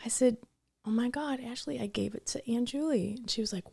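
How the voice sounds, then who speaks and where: Her voice sits on the high side and sounds brisk, creaky, and slightly rough. This young adult podcast co-host is an animated storyteller, chatting casually and performing the quoted lines as she goes.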